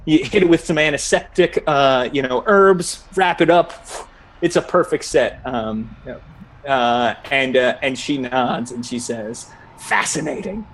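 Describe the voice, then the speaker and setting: A man running a tabletop game as dungeon master, narrating in a relaxed, halting way with many fillers and laughs. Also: medium pitch, a little hiss or hum.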